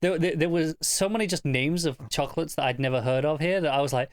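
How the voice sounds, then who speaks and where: A man's voice: on the high side, fast talker, dry recording, clean studio sound. Stammering man co-hosting a TV review. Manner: stammering restarts, emphatic. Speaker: TV review podcast co-host. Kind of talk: casual chat.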